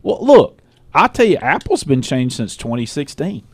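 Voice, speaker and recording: A man co-hosting a casual tech radio show, animated and quick to laugh. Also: fairly high pitch, no room sound. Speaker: co-host.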